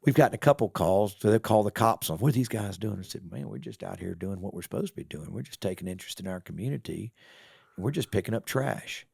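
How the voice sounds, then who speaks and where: A gravelly middle-aged man with a drawl tells a story on a podcast, his voice rising and falling as he plays every part himself. His voice sits fairly low and sounds close and dry, with no room around it. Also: fast talker, no echo. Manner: animated storyteller acting out both sides of a conversation. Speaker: car wash owner, podcast guest. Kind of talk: casual storytelling interview.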